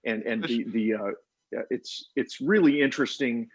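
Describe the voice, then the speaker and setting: A man recommending titles on a panel, speaking softly and hesitantly with plenty of ums. His voice is husky, and the video-call audio sounds dull and muffled. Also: medium pitch, moderate pace. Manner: hesitant, soft-spoken, many fillers. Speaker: author on a panel. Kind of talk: casual panel discussion.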